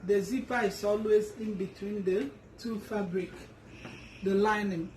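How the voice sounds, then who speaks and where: A woman talks through a sewing tutorial at a slow, patient pace, often stopping to rephrase as she works. She sits back from the microphone in an echoey room with a faint hum in the background. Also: mid-range voice, fairly even intonation, darkish tone, recorded from a distance. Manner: unhurried, restarts and fillers while working. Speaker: sewing instructor.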